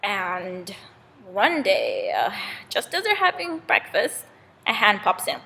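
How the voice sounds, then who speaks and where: A young woman tells a fable in a loose, casual way. Her voice is raspy with some fry and swings widely in pitch. It echoes with long reverb in a hall. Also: slow pace. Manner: casual, animated retelling with fillers. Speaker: student storyteller. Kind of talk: oral storytelling of a fable.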